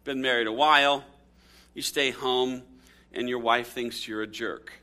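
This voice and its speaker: A man preaching a sermon, telling stories and reading scripture with big swings of pitch and loudness. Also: steady tone, measured pace. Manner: storytelling with dramatic swings in pitch and volume. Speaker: pastor.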